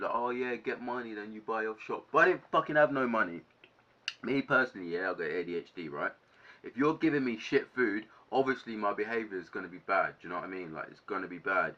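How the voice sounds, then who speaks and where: A young man rants through a casual storytime, swearing freely and getting worked up. His voice is low but bright and forceful, and the recording sounds dull and lo-fi. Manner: animated, swearing, ranting. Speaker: vlogger.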